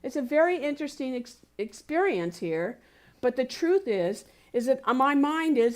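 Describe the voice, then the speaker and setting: Higher-voiced woman minister preaching. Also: expressive, moderate pace, darkish tone. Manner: conversational, telling personal stories; encouraging, speaks to the congregation. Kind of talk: sermon. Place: spiritual community center service.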